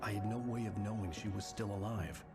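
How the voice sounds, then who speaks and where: A man's voice: lowish voice, steady tone, a little fast, close to an everyday voice. An actor playing a grim male writer hunting for his wife, narrating in a weary, brooding video game voice. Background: loud game music.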